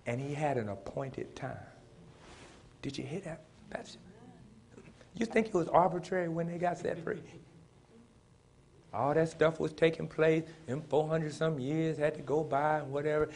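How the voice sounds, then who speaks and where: A man preaching a sermon in plain, folksy speech, building to shouted emphasis and calling on the congregation to respond. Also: fairly high pitch, moderate pace, gravelly, slight background noise. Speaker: pastor.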